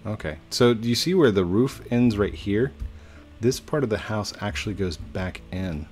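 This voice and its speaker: A young man chatting playfully while playing a building game, laughing often and talking to his viewers. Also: lowish voice. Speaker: gaming YouTuber. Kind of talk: casual gameplay commentary.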